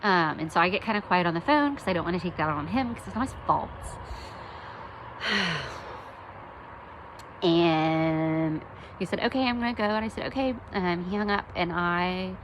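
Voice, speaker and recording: A woman's voice: on the low side, expressive, normal speed, pauses often, slight background noise, low-quality recording. A young woman from the United States telling a personal story in a candid, self-deprecating way, with lots of ums. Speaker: podcast host.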